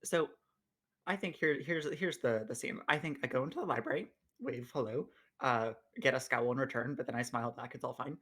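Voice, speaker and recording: A man's voice: mid-range voice, fairly quick, a bit bright, husky. A man playing in a tabletop role-playing game, casually describing his character's actions with dry jokes. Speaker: player.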